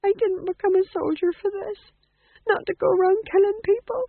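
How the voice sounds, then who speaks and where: Scared young soldier as a reader plays him, stuttering, high, tinny dry recording. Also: fairly even intonation, fairly quick, gravelly, no echo. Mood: panicked. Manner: stuttering, wailing. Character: frightened young male soldier, stuttering and tearful.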